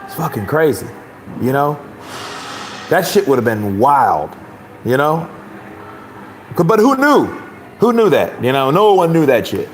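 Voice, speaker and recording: A man's voice: fairly high pitch, sing-song, a little slow, long pauses, a little hiss or hum. A man giving casual boxing commentary, swearing freely, rambling and laughing often.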